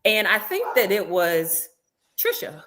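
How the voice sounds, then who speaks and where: Animated woman with a lively voice. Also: mid-range voice, takes it slowly, a crowd in the background. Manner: animated storytelling, acting out others' lines. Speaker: reality show cast member guest. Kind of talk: casual interview, recounting events.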